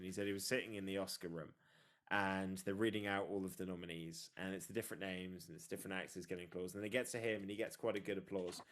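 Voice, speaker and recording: A young man co-hosting a podcast, chatting casually and acting out quotes as he tells stories. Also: sits low. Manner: animated storytelling, acts out quotes. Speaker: podcast co-host. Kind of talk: casual chat.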